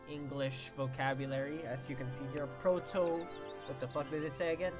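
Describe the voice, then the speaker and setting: A young man streaming a visual novel, reading the text aloud and reacting with loud exclamations and swearing. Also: medium pitch. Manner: excitable, swears and exclaims between read-out passages.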